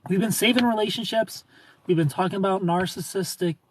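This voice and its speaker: A man's voice: high-pitched, fairly quick, husky, low-quality recording. A man hosting a live stream in a casual chat, blunt and teasing, with some swearing.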